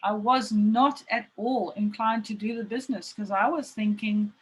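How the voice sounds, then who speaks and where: A woman's voice: medium pitch, fairly even intonation, normal speed, husky, low-quality recording. A woman in her forties, a team coach, speaking on a video call in a heartfelt, emphatic, motivational way. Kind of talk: emotional motivational talk. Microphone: video call mic. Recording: faint background noise on a video call.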